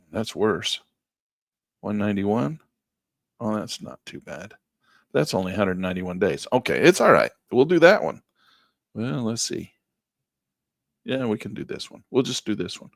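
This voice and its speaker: A middle-aged man giving a live trading lesson in a folksy, upbeat way, losing his voice and clearing his throat. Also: on the low side, no room sound, clean studio sound. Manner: folksy, upbeat, talks while clicking through charts. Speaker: trading instructor.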